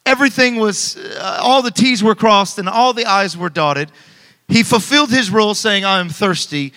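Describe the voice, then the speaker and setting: A man in his thirties preaching with energy, his voice high and bright. He keeps calling on the congregation to answer back. A long hall reverb trails behind him. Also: measured pace, pauses often. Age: 30s. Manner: energetic, calls for congregation responses. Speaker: pastor. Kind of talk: sermon.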